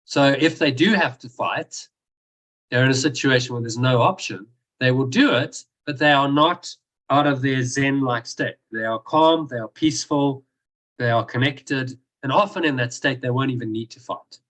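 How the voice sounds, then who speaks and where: A man's voice: mid-range voice, moderate pace, fairly bright tone, low-quality recording. A man leading a group discussion, telling stories in a casual teaching way with many restarts. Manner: storytelling with frequent restarts and acted-out quotes. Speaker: discussion and meditation group leader.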